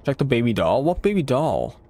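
A man's voice: medium pitch, sing-song, brisk, dark tone. A man streaming a horror game, reacting to scares, swearing at the game and talking back to what he sees on screen. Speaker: gaming streamer. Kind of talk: horror game let's play commentary.

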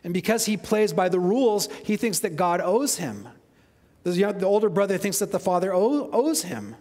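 A man preaching a sermon as pastor, animated and conversational, often asking the congregation questions. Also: high voice, moderate pace. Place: church sanctuary. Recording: long hall reverb.

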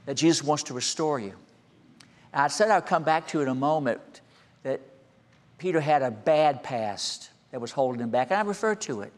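A man in his sixties, a senior pastor, preaching a sermon and telling a childhood story, moving between quiet asides and raised, emphatic calls. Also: mid-range voice, expressive, moderate pace. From American. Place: church sanctuary. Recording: long hall reverb.

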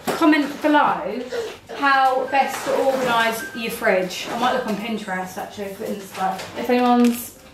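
A woman's voice: on the high side, a little slow. A pregnant woman talking casually to the camera as a vlogger at home, chatty and candid. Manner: chatty and candid, talks to a toddler in between. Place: home, in a kitchen. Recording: echoey room with clear background noise.

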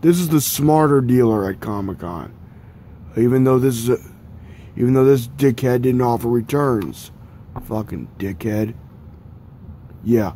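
A man's voice: mid-range voice, measured pace, pauses often, mellow, a little hiss or hum. A young man rambling in a casual vlog about his DVD collection, swearing often and mocking himself. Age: young adult. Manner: profane, rambling, self-mocking. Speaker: collector showing DVDs.

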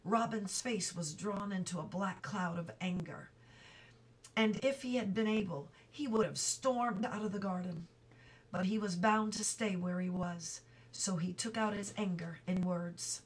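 A woman reading a children's book aloud, slowly and carefully, with small slips she stops to correct. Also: mid-range voice, slightly rough, recorded from a distance, low-quality recording. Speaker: reader.

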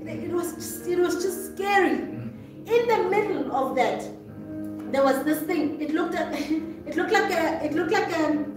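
A woman with a high, bright voice tells her story with animation, acting out the voices of the people in it. She sounds distant, caught in a very echoey room. Music plays clearly underneath. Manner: expressive storyteller, acts out voices, laughs often. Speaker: guest testifying. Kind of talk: animated testimony.

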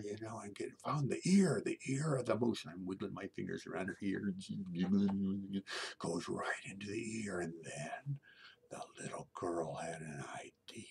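Gravelly low-voiced male storyteller. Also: moderate pace. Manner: conversational, many hushed whispered passages and fillers. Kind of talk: told family story.

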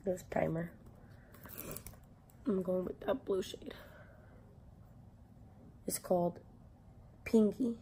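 A woman's voice: lowish voice, slow pace, long pauses, noisy background. A young woman talking casually through a makeup tutorial in a chatty, filler-heavy way, with some swearing. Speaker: beauty vlogger.

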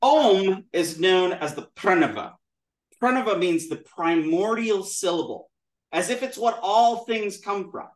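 A man teaching a lively classroom lesson, drilling sounds aloud with his students. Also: high-pitched, measured pace, far from the mic. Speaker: Sanskrit teacher. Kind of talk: classroom lesson with call-and-response. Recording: roomy echo in a classroom.

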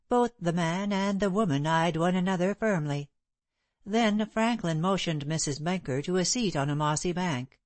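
A woman narrating an audiobook in a measured, even manner. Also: lowish voice, no room sound. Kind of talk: scripted narration.

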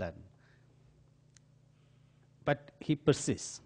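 Older Indian-accented man telling lively anecdotes. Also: mid-range voice. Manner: storytelling with acted quotes and pauses, some filler hesitations. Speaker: diplomat giving a talk. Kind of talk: anecdotal lecture. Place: auditorium.

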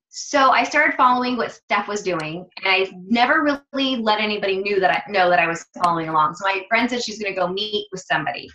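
Woman fitness coach, casual storyteller, animated, sharp tone, echoey room. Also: mid-range voice, highs cut off. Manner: chatty, animated, acts out quoted dialogue.

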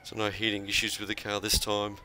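A man, calmly talking through his sim race while driving, in short focused bursts between corners. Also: lowish voice, a little fast. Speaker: sim racing streamer. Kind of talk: live racing commentary while driving. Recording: noisy game audio behind.

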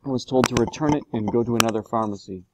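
A man's voice: medium pitch, fast, noisy background, close to an everyday voice. A man reading aloud, voicing a worried, loyal middle-aged butler in a storybook. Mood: urgent. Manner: urgent, pleading, raised voice.

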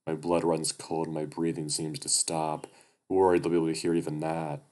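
A man narrating a first-person story aloud in a quiet, steady way. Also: very deep voice, normal speed.

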